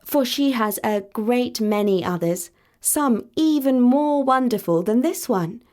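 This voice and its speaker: A woman's voice: on the high side, expressive, a little slow, dark tone, voice pushed up. A woman voicing a young sister who speaks politely and formally, eager to offer more tales. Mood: courteous.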